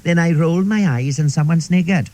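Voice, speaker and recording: A man's voice: on the high side, a little fast, dark tone, close to an everyday voice, rough recording. A man playing a chatty, middle-aged Welsh woman in a radio comedy monologue, who tells rambling stories sprinkled with "like" and "see". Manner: rambling, confiding, peppered with "like" and "see".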